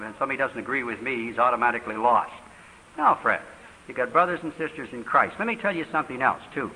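An older man preaching in a question-and-answer session at a church, talking quickly with fervent emphasis. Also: medium pitch, sharp tone. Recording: reverberant hall, faint hiss.

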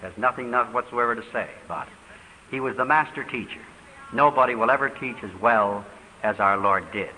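An older man preaching in a question-and-answer session at a church, talking quickly with fervent emphasis. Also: medium pitch, bright, forceful tone. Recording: reverberant hall, faint hiss.

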